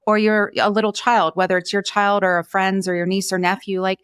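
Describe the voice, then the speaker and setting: A woman hosting a podcast interview, speaking in a gentle, thoughtful and encouraging way. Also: mid-range voice, flat delivery, moderate pace, few pauses, clean tone, no room sound, clean studio sound. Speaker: podcast host. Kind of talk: conversational interview.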